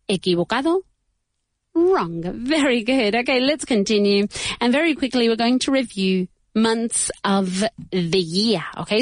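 A woman teaching English pronunciation to beginners, saying each word slowly and repeating it. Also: mid-range voice, no echo, studio quality. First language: Spanish. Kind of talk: bilingual pronunciation lesson for beginners.

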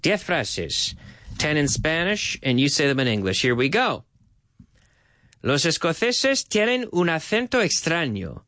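A man hosting a bilingual English lesson for Spanish speakers, repeating phrases slowly for learners and mixing in Spanish words. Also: fairly high pitch, sing-song, pushed and bright. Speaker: language teacher and podcast host.

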